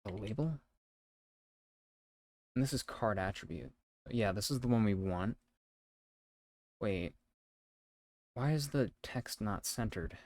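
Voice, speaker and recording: Young man from the US East Coast, low voice, dry close mic, casual streamer talking through his code. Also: darkish tone, dry recording. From United States East Coast. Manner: thinks aloud while coding, reading code slowly. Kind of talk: casual live coding stream chat.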